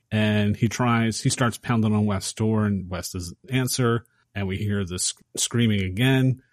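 A man casually recapping a horror film on a podcast, acting out the characters' lines with animated energy. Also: lowish voice, no echo, studio quality. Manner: animated storyteller acting out quotes. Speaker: podcast host.

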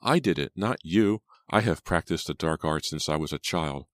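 A man's voice: rumbling low, expressive, moderate pace, no room sound. A man voicing a scornful young woman who practices witchcraft, in an imperious manner, reading an audiobook. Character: scheming young Southern belle witch, scornful. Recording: dry close studio sound.

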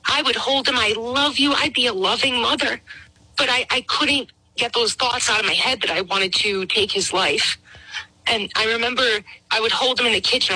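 A woman's voice: on the high side, sharp tone, breathy edge, dry recording, rough recording. A middle-aged woman calling in to tell her personal story, emotional and rambling, acting out things she once said. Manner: emotional, rambling, acts out her own past words. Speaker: guest caller. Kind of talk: personal testimony.

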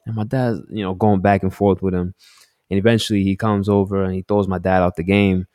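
A man from Delaware telling youth sports stories in a casual chat, acting out shouted quotes. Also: sits low, brisk, clear, resonant tone, dry recording, studio quality. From Delaware, United States. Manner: animated storyteller, acts out loud quotes.

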